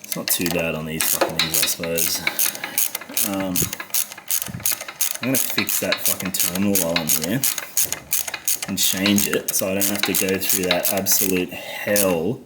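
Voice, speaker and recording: A man's voice: low-pitched, steady tone, a little slow, pauses often, very noisy. An Australian man talking through a motorcycle repair as he works, muttering and swearing constantly out of frustration. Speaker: motorcycle mechanic vlogger. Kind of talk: casual workshop commentary.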